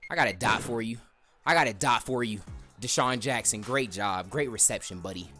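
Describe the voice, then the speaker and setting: A man hosting a gaming video, giving excited gameplay commentary, shouting at big plays and trash-talking in slang. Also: fairly low pitch, normal speed, soft background music.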